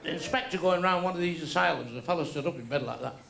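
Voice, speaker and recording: A man's voice: a little high, rapid-fire, vocal fry, sharp tone. An older man telling crude stand-up jokes on stage, acting out voices with blunt punchlines. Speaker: stand-up comedian. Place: comedy club stage with audience.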